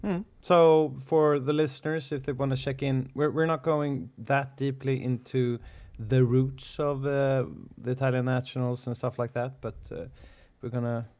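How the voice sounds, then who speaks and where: A man with a Swedish accent co-hosting a podcast in casual chat, talking haltingly with many restarts and frequent laughs. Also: mid-range voice, fairly even intonation, a little mellow. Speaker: podcast co-host.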